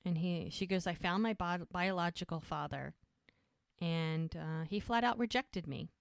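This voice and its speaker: Podcast co-host, woman, slightly low voice, chatty scene-by-scene recap, dry close mic. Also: unhurried, vocal fry, clean tone, no echo. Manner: retells scenes by quoting characters. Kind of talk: casual recap of a TV episode.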